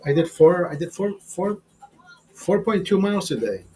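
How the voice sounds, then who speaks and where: A man's voice: high-pitched, expressive, moderate pace, a little mellow, slightly rough, poor audio. A man hosting a livestream, chatting to his viewers in a profane, rambling, easygoing way. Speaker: livestream host. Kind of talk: casual chat to viewers.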